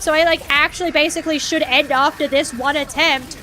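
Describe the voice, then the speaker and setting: A woman's voice: high voice, fairly even intonation, fairly quick, sharp tone, a little hiss or hum. A woman streaming a game in casual chat, dramatic and whiny, swearing freely as she talks.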